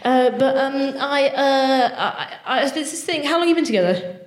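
High-voiced woman doing stand-up crowd work. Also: lively intonation, normal speed. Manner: chatty crowd work with audience members. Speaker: stand-up comedian. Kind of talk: stand-up set at a live show. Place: large live venue before an audience. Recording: roomy live hall with faint noise.

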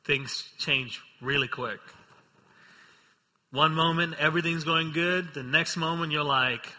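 Man, preacher, sermon, very bright tone, slow deliberate delivery, long hall reverb. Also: a little high. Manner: reads scripture then preaches with rising intensity, acts out quotes. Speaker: pastor.

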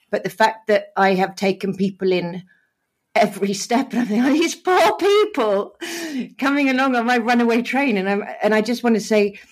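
Expressive woman on a video call. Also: lowish voice. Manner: animated, laughs often, emotional and open. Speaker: podcast co-host. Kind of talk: casual chat over video call.

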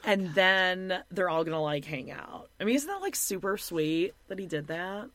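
A woman's voice: fairly low pitch, animated, moderate pace, a bit bright, no echo. Sarcastic young woman, blunt and dry. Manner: sarcastic, blunt, frequent "like" and swearing. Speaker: podcast co-host. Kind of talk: casual reality TV recap chat.

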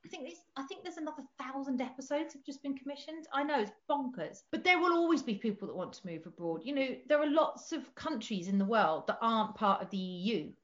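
Chatty woman telling lively stories. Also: high-pitched, fast, hardly any pauses. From southern England. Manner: chatty, animated storytelling with laughs. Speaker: guest. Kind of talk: casual chat. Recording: slightly dull lo-fi podcast audio.

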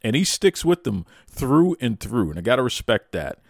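A man hosting a wrestling talk show, excitable and playful, hyping people up with exaggerated praise. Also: mid-range voice, moderate pace, vocal fry, dry recording, studio quality. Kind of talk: hyped casual podcast talk.

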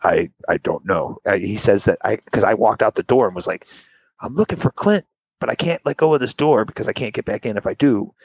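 A young man telling a long casual story over a call, acting out the quotes with sudden high voices. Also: fast, hardly any pauses, slightly rough, no echo, low-quality recording. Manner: animated, acts out quotes with big jumps in pitch. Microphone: remote call audio.

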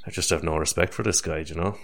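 A young man with a very deep, low voice hosts a casual podcast. He teases and swears freely and stumbles into restarts. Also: steady tone, fast. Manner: teasing, sweary, stammering restarts. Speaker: podcast host. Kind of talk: casual chat.

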